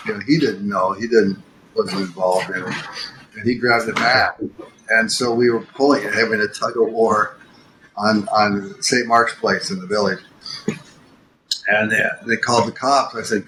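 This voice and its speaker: A man's voice: fairly low pitch, steady tone, measured pace, background noise. An older man telling a long story casually as a podcast guest, with many fillers and restarts.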